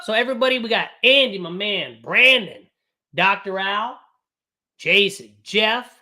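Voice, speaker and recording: Brief: male live-stream trading host, bright ringing voice, blunt and profane, lots of energy. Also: sits high, expressive, a little slow. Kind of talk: live-streamed casual teaching.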